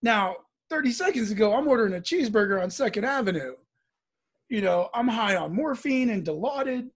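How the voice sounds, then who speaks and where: A man from the American Midwest recounts a personal story in an easy, conversational way. His voice sits high for a man and has a husky edge. He livens the telling by acting out the people in it. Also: expressive, brisk. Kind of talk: casual spoken storytelling.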